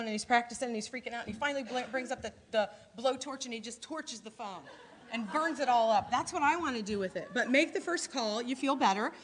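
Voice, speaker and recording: Her voice is a touch high. A middle-aged woman from Illinois is giving her sales team an energetic, conversational training talk and playing out bits of dialogue.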